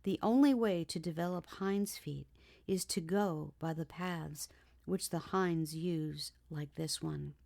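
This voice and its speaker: Lady reading as a cheery kind shepherd guy, reassuring and gentle. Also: deep voice, slow, vocal fry, heavily acted. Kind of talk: audiobook character reading.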